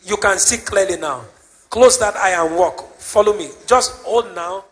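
A man leading a healing service, questioning people and shouting to the crowd to respond. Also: high-pitched, unhurried. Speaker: preacher. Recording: live church service with music.

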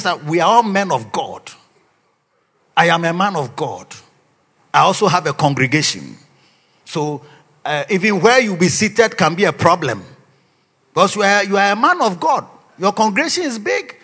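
A man preaching a sermon to a pastors' conference, breaking into shouts and sung phrases. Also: high-pitched, breathy edge. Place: conference hall. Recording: long hall reverb, faint music.

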